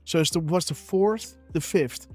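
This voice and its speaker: A man's voice: on the high side, unhurried, a little mellow, soft background music. A man hosting a live stream, chatting casually in a rambling way, with many fillers and frequent laughs. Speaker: show host.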